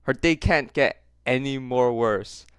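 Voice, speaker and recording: Casting: male commentary host, smooth and crisp, close dry sound, teasing, laughs a lot. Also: mid-range voice, slow pace, a bit bright, no echo. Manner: mocking, laughs often, repeats phrases for effect. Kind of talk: reaction commentary.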